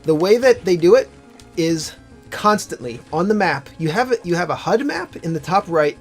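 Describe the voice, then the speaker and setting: A man's voice: high voice, animated, moderate pace, faint music behind. A young man co-hosting a let's play, chatting casually and animatedly about games, swearing now and then. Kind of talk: casual gameplay chat.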